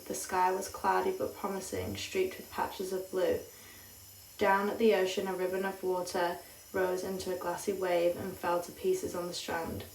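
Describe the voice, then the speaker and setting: Calm woman reading a story slowly. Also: on the low side, slight background noise. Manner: slow, calm, measured. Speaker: audiobook reader. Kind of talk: scripted literary narration. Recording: roomy sound, distant mic.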